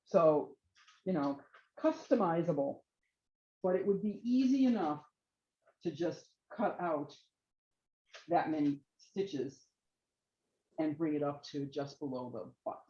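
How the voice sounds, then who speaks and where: A woman presenting knitting yarns and jackets to a small audience in a relaxed, chatty way, often trailing off with fillers and restarts. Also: low-pitched, takes it slowly, pauses often, lo-fi sound. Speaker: yarn shop presenter. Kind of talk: informal trunk show presentation.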